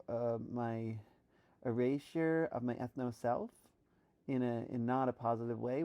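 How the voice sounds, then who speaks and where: Halting woman working on a trained voice. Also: very deep voice, dark tone. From New York. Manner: halting, thinks aloud with many restarts; practicing a trained voice while speaking. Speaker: vlogger. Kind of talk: reflective solo monologue.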